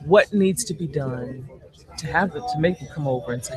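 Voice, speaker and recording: A woman's voice: low-pitched, a little fast, music in the background. A woman hosting a casual interview at a booth during a business conference, teasing her guest in playful banter while speaking into a studio microphone. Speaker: host. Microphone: studio microphone at a table.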